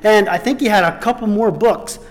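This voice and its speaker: High-voiced man preaching in a reverberant hall. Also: fairly quick. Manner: storytelling with rising emphatic peaks and soft asides. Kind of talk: sermon.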